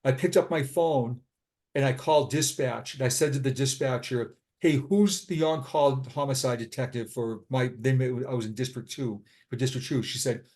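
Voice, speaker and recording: Middle-aged male guest, earnest and halting, mid-range voice, often repeats himself. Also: mid-range voice, a little mellow. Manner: earnest, halting, with frequent repetitions. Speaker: podcast guest, retired police sergeant. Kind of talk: personal storytelling in an interview. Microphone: remote call.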